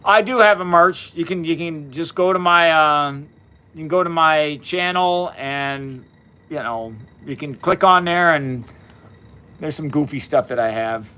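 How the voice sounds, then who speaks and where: Broadcasting live from his home basement, a cheerful man in his fifties hosts a science stream in a pushed, bright, smooth voice that runs slightly high for a man. He chats casually, greeting viewers by name, thanking each warmly and adding quick asides.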